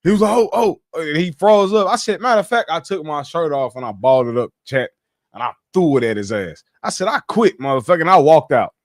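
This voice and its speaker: A man on a casual livestream, telling his life story in animated slang, swearing freely. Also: a little high, fast, no room sound, studio quality.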